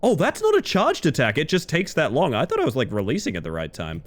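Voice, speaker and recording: Lively, chatty man streaming a game. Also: fairly high pitch, fast. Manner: chatty and rambling, laughs easily. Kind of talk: casual gaming-stream chat.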